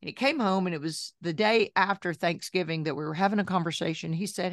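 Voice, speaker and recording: A talkative woman in her sixties with a fairly low voice tells her story as an interview guest. She chats in a lively way and slips in asides. Her voice sounds dry and close, with no room around it. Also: a little fast, hardly any pauses, no echo. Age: 60s. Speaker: guest, journalist and health coach.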